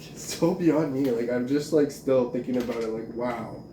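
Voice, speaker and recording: A man vlogs a rambling, profane rant, agitated and leaning heavily on "like." His medium-pitched voice keeps a normal speed against a noisy background, captured from a distance in a roomy room with faint ambience.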